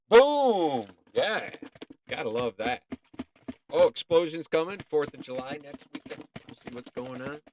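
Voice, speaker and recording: A man's voice: mid-range voice, darkish tone, slight background noise. A man hosting a casual livestream, chatting in a rambling, playful way and often talking to himself. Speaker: livestream host.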